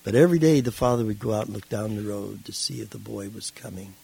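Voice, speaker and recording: Guy being interviewed telling his story, gravelly husky voice, acts out the voices as he goes. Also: on the low side, fast talker, mellow, low-quality recording. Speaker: interview guest. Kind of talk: casual storytelling.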